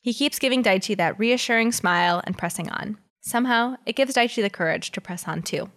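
A woman's voice: fairly high pitch, a little fast, a bit bright. A woman reading fan fiction aloud in a casual way, giggling often and breaking in with chatty asides. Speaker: reader.

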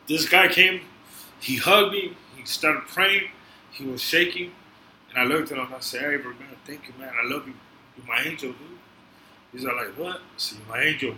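Heartfelt man with a bright voice. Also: medium pitch, normal speed. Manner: emotional, street slang, heartfelt retelling. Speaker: podcast guest. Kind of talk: casual interview storytelling. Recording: echoey room, faint noise.

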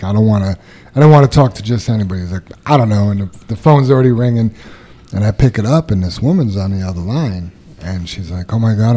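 A man hosting a casual workplace podcast, reading out anniversaries and birthdays and telling stories in a relaxed way. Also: fairly low pitch. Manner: relaxed, reads out announcements. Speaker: podcast host.

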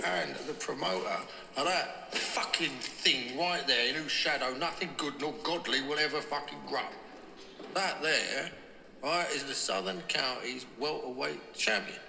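An actor playing a crude, menacing male boxing promoter with a gravelly, theatrical voice, from a TV drama clip. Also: mid-range voice, pushed and bright. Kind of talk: TV drama acting. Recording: echoey, roomy clip with faint ambience.

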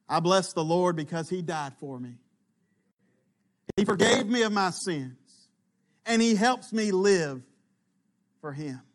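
A man delivers a sermon in an unhurried, emphatic way, letting his phrase ends sink low. His voice sits fairly high for a man. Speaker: preacher.

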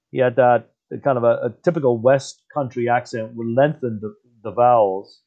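A thoughtful man talking through history in an unhurried, conversational way, now and then pausing to correct his own phrasing. His voice sits at an everyday middle pitch, and the recording sounds a bit dull and muffled. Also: a little mellow. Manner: thoughtful, self-correcting, wide-ranging pitch. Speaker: historian guest. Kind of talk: conversational explanation. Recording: slightly dull muffled audio.

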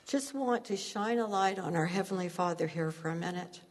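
A woman's voice: on the low side, normal speed, big-room sound. A woman preaching a sermon, telling stories earnestly and laughing at herself now and then.

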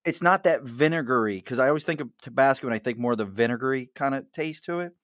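A middle-aged man with a Mid-Atlantic accent hosts a loose, joking chat at a bar, laughing easily between his stories. His voice sits at an ordinary pitch and sounds dry and close, with little room around it. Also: fast talker, a bit bright, no echo. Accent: Mid-Atlantic American. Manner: jokey, chatty, laughs often. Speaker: host.

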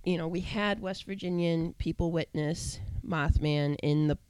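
A woman's voice: lowish voice, steady tone, measured pace, a little mellow, smooth, dry recording, low-quality recording. Chatty woman podcast host. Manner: chatty, rambling, self-correcting. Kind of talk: casual podcast chat.

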